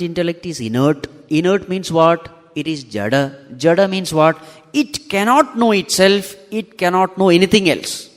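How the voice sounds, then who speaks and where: A man giving a spiritual discourse, asking the audience rhetorical questions and repeating key phrases for emphasis. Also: high-pitched. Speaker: swami teaching scripture. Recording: long hall reverb.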